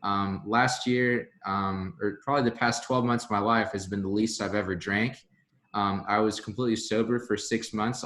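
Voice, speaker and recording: A man hosting a podcast interview, relaxed and reflective with many fillers. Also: on the low side. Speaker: podcast host. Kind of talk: casual interview chat.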